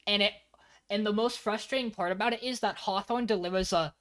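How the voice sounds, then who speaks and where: Brief: man, podcast co-host, punchy and bright, retells anime plots with animated, profane energy. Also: sits high, a little fast. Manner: animated storyteller, frequent swearing. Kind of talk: casual anime recap chat.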